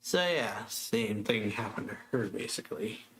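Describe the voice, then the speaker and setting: A man's voice: lowish voice, expressive, unhurried, noisy background. A man hosting a manga reaction channel, casually retelling a chapter with lots of fillers and little laughs. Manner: rambling, filler-heavy retelling with soft laughs.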